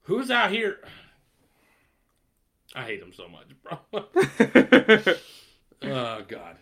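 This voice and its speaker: A man's voice: mid-range voice, wildly swooping pitch, very slow, sharp tone. A man in casual chat, ranting with lots of swearing and laughter. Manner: ranting, profane, laughing often.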